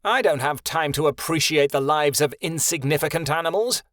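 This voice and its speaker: A man's voice: a little high, normal speed, a bit bright, dry recording, studio quality, natural voice. A man voicing a cruel, callous man who speaks in a cold, dismissive way.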